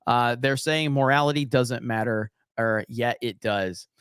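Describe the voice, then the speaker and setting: A man's voice: mid-range voice, unhurried, a bit bright, smooth, dry recording, clean studio sound. A man from Alabama, co-hosting a livestream and chatting casually, swearing freely and reading out viewer comments. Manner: loose, profane, reads chat aloud. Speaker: livestream co-host. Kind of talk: casual profane stream chat.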